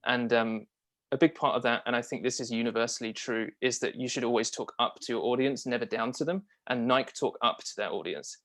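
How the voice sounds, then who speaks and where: A man's voice: medium pitch, fairly even intonation, fairly quick, fairly bright tone. A man being interviewed as a copywriter and marketing strategist, talking casually and enthusiastically with frequent fillers and restarts.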